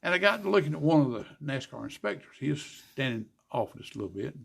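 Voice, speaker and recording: An older man, a guest telling racing stories in a folksy, animated way, acting out the dialogue. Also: a little high, fast talker. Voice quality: gravelly, husky. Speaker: guest, former racer and car builder. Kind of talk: casual storytelling interview.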